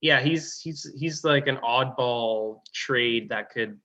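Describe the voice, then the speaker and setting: Muffled bright-voiced rambling man. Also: mid-range voice, slow pace. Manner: rambling, filler-heavy. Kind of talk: casual sports talk. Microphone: video call.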